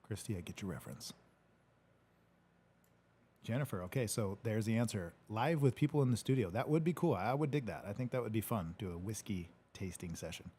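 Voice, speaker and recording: A man's voice: on the low side, expressive, a little fast, mellow, slightly rough. A man hosting a casual livestream, reading viewer comments in a laid-back, joking way and swearing now and then. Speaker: podcast host reading live comments. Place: home studio.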